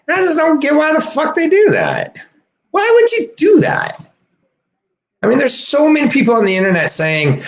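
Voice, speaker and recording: A man streaming a rambling, profane monologue, swinging from low muttering to shouting and laughing between phrases. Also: creaky.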